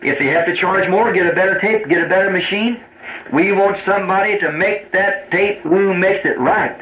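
A man from the United States speaks as a preacher to his church's trustees, earnest and rambling, circling back over his words in folksy grammar. His voice sits a little high and comes through a thin, phone-like tape with a roomy echo. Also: moderate pace. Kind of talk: informal church address. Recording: tinny, roomy old tape recording with hiss.

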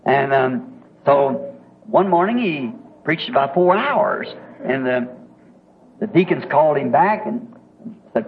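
A man's voice: medium pitch, animated, slow, pauses often. A man with a Southern American accent, telling a folksy, homespun story in a sermon, chuckling as he goes. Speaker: preacher. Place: church meeting. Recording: tinny lo-fi old tape with faint hiss.

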